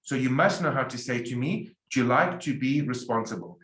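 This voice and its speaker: A man teaching a Spanish lecture, drilling example sentences slowly and emphatically. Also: medium pitch, animated, a bit bright. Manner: slow, emphatic drilling with repeated example phrases. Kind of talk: recorded language lecture. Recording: echoey room.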